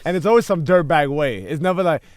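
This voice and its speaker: A man's voice: fairly high pitch, fast, no echo, clean studio sound. A tired male podcast host trading crude, teasing jokes in casual comedic banter.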